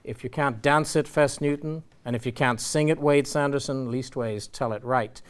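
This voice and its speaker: A man's voice: mid-range voice, steady tone, normal speed, smooth, lightly acted. A man with an Irish accent reading out the words of a stern, scolding old woman elder, with raised emphasis.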